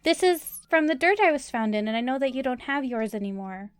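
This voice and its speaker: A woman's voice: high voice, lively intonation, brisk, clean tone, no echo, clean studio sound. A woman voicing an earnest, protective adventurer. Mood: encouraging. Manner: earnest, encouraging. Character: caring, protective female adventurer mentor.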